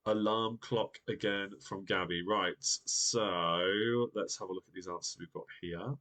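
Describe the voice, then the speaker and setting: A man's voice: sits low, steady tone, a little slow, sharp tone. Chatty man hosting a live quiz. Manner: chatty and upbeat, reading viewer comments aloud. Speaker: quiz host.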